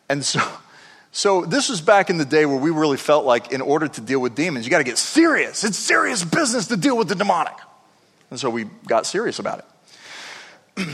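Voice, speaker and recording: A man preaching a sermon, telling stories with animated emphasis and repeating words as he builds up. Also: medium pitch, big-room sound. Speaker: pastor. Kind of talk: sermon storytelling.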